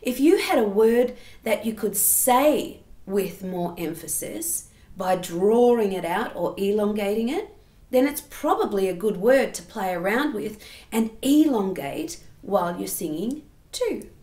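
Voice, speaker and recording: A woman's voice: mid-range voice, expressive, a little slow, mellow, reverberant. A woman giving a singing lesson, explaining step by step and breaking into sung examples. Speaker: singing teacher.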